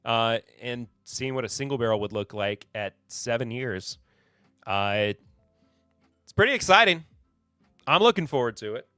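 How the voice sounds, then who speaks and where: A man hosts a live whiskey podcast in a smooth, resonant voice at an ordinary pitch. He rambles through new bottle labels with a sarcastic, self-deprecating streak. The sound is dry and close, with faint music underneath. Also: lively intonation, normal speed, pauses often, sharp tone, no room sound. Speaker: podcast host.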